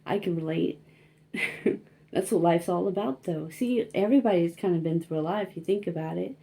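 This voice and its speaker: A woman's voice: fairly low pitch, moderate pace, vocal fry, dark tone. A young woman giving a casual tarot reading, rambling and self-conscious, laughing often and filling her talk with likes and you-knows. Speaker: tarot reader.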